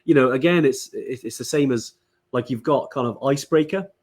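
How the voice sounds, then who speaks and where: A man's voice: medium pitch, brisk, darkish tone. A man from Wales co-hosting a casual live-stream chat, talking chattily with many fillers and restarts. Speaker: podcast co-host.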